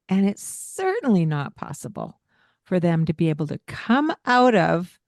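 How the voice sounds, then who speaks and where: A woman's voice: medium pitch, darkish tone, no room sound. A woman co-hosting a parenting podcast, talking earnestly and explaining things, with light laughs along the way. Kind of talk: casual podcast chat.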